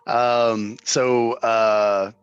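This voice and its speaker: Slow-talking male game master. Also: mid-range voice, clean tone, no echo, lo-fi sound. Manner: relaxed, filler-heavy narration. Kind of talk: narrating a tabletop game.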